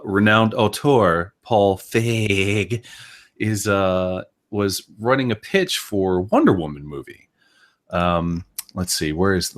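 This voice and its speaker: A man co-hosting a casual podcast, laid-back and sardonic, laughing often. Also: low-pitched. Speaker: podcast co-host.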